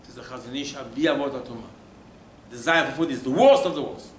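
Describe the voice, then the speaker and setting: Speaking quickly in a medium-pitched voice, a male rabbi preaches a forceful Torah sermon, hurling rhetorical questions at the congregation and then suddenly dropping almost to a whisper. It's recorded in a roomy space with a little ambient noise.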